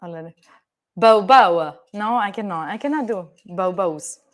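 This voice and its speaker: A young Italian woman with an Italian accent livestreams from her home kitchen, door open, cooking while she chats casually and playfully with viewers and swears now and then. Her voice is on the low side and fairly quick.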